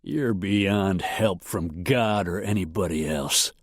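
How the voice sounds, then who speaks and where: A man doing a cold, growling bounty hunter. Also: no room sound. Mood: cold menacing. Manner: low, cold, measured growl. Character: hard, relentless male bounty hunter. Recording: dry close recording.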